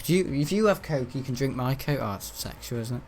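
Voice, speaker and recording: A man's voice: mid-range voice, animated, quick pace, darkish tone, a little hiss or hum. A seventeen-year-old boy, rambling and grumbling through casual gameplay commentary. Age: teens. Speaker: gaming channel host.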